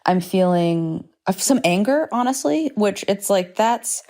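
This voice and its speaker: A woman's voice: medium pitch, animated, a little slow, dark tone. A woman hosting a solo podcast from home, talking candidly and rambling with frequent swearing and self-deprecating asides. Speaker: podcast host. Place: home, indoors.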